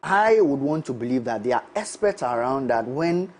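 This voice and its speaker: A man with a Ghanaian English accent arguing his point deliberately as a panelist in a studio discussion. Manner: deliberate, argumentative, lively pitch swings. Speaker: show panelist.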